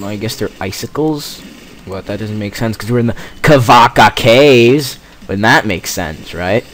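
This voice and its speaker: A man's voice: lowish voice, measured pace, fairly bright tone. A teenage boy doing gameplay commentary, rambling and jokey with self-mocking asides. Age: teens. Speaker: let's play gamer.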